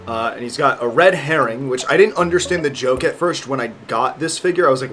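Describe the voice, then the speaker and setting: A man's voice: mid-range voice, lively intonation, fairly quick, fairly bright tone. Young man, casual vlogger chat, rambling with fillers and swearing, faint music behind.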